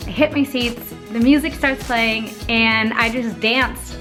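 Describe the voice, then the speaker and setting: A woman's voice: on the high side, fairly even intonation, a little slow, music in the background. A young adult woman vlogger telling her trip story in a casual voice-over, chatty and full of fillers.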